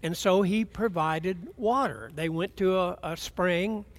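A man's voice: high voice, animated, slow. An older man preaching a folksy, rambling sermon, often restarting his sentences.

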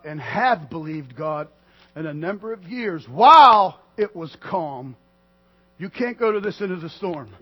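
A man preaching a sermon to a congregation, swinging from loud declarations to quiet asides. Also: fairly high pitch, husky, muffled recording. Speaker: pastor.

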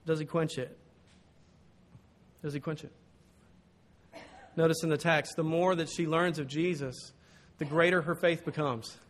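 Animated male preacher telling a story. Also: a little high, measured pace, pauses often. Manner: storytelling, animated, acts out quotes. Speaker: pastor. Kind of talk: sermon.

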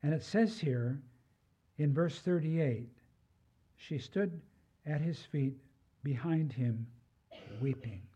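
Slow, mellow older male preacher. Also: a little high, husky, muffled recording. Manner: conversational, personal asides. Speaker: pastor. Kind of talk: sermon.

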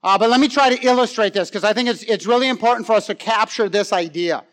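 A middle-aged man preaching a sermon in a conversational way, with many fillers and questions to the congregation, swinging from loud animated stretches to hushed emphasis. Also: high-pitched, fast talker. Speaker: pastor.

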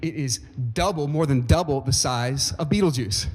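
A man's voice: medium pitch, moderate pace, darkish tone, husky. A man preaching a sermon as pastor, speaking emphatically and often asking the congregation questions. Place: church sanctuary. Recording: long reverb of a church hall.

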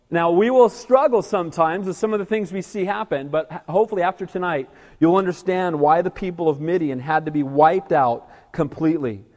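A man's voice: fairly high pitch, a little mellow. A male pastor preaching an evening sermon, emphatic and calling for amens from the congregation. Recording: echoey hall reverb.

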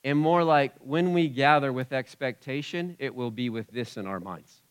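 A man preaching a sermon in an animated way, acting out the cries he describes. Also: medium pitch, normal speed, clear, resonant tone. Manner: animated, acts out the creatures' cries. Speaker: pastor.

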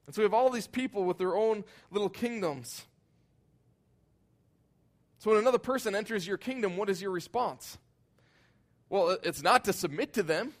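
Earnest preaching man, slightly high voice. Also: normal speed, pauses often. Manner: earnest preaching, rising to loud emphatic outbursts, dropping low and soft. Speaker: pastor. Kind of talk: sermon.

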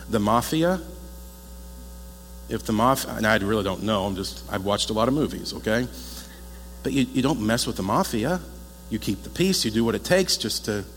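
A male pastor delivers a sermon in a relaxed, conversational style, teasing his congregation as he goes. His voice sits at an ordinary pitch and rings out through a big reverberant hall. A faint electrical hum runs under the recording. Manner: lively, conversational, jokes with the congregation. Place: church hall.

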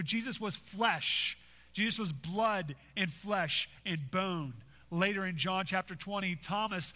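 High, bright-voiced preacher in a reverberant hall. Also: male voice. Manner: emphatic, repeats phrases, rhetorical "right?". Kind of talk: expository sermon.

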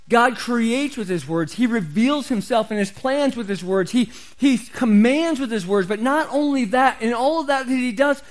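Guy preaching a sermon, fairly high voice, hammers his points and says them twice. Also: rough recording. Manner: emphatic, repeats key phrases for stress. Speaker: pastor.

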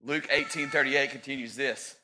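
Bright-voiced man preaching a sermon. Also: medium pitch, steady tone, normal speed. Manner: preaching with sudden loud peaks, joking asides. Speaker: pastor.

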